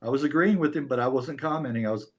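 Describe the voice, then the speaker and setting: An American man conducting a casual interview, chatty and quick to laugh. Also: mid-range voice. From United States.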